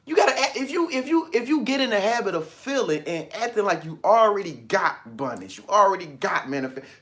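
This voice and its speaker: An animated man hosts a motivational talk in a slightly higher-than-usual voice. He preaches in loose, colloquial speech and often breaks into laughter. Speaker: motivational video host.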